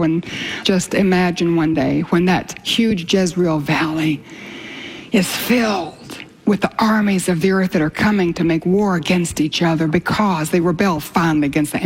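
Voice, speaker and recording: A woman teaching the Bible in a sermon, impassioned, lifting her pitch when she reads scripture and dropping to near whispers for emphasis. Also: darkish tone.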